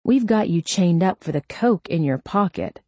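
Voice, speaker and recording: A woman voicing a tough female police detective who stays calm and cutting while questioning a suspect. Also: fairly low pitch, moderate pace, no room sound. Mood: cool. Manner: calm and cutting, quietly menacing.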